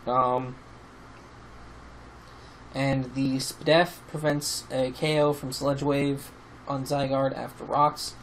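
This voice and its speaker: A man's voice: mid-range voice, flat delivery, takes it slowly, long pauses, poor audio. Man, rambling casual game commentary, sleepy, faint background noise. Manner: rambling, many fillers and restarts, swears casually. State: sleepy, yawning. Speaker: YouTube team-building host. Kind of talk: casual commentary over gameplay.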